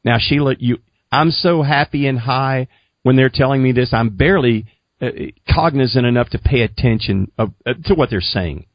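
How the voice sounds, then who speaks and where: Gravelly man telling his testimony. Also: mid-range voice, moderate pace, no echo, highs cut off. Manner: earnest, preachy storyteller. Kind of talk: casual storytelling testimony.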